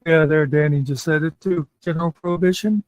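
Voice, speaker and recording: A man's voice: on the high side, steady tone, fairly quick, no echo, highs cut off. A man hosting a casual chat show, rambling and meandering with many fillers. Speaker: podcast host.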